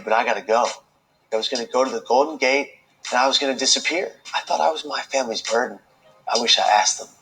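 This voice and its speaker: A man telling his own life story as a speaker, earnest and slow, with dramatic pauses. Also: mid-range voice, fairly bright tone, rough recording. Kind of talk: emotional personal storytelling speech.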